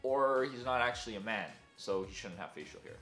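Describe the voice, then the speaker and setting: A man's voice: medium pitch, animated, a little fast, fairly bright tone. A young man telling a story in a casual, self-deprecating way, with many fillers. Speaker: vlogger. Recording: echoey room with faint music.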